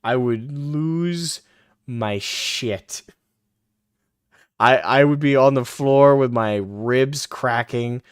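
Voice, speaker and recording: A man's voice: medium pitch, very slow, clear, resonant tone, no echo, studio quality. A male live-stream host reacting to a clip, profane and mocking, laughing often as he talks.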